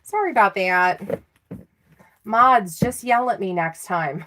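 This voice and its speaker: A woman's voice: medium pitch, slow, long pauses, background noise. A middle-aged woman giving a live tarot reading in a chatty, self-teasing way, laughing often. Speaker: tarot reader.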